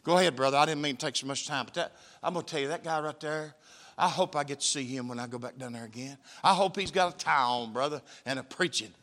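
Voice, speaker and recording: A man's voice: fairly high pitch, fast talker, fairly bright tone. A man, a missionary preacher telling a testimony in a church sermon, folksy and emphatic. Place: church sanctuary.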